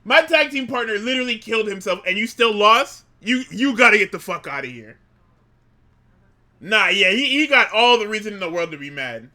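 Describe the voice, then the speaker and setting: A man with a very bright, cutting voice that sits a little high. He talks in casual podcast chat, excitable and profane, and breaks into laughter often. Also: normal speed. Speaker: podcast co-host.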